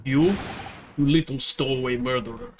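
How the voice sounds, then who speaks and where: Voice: medium pitch, animated, noisy background, close to an everyday voice. A streamer voicing a rude, burly male ship crewman with a mock Russian accent in a video game reading, using clipped broken English. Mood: gruff. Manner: gruff, clipped broken English, slow and loud.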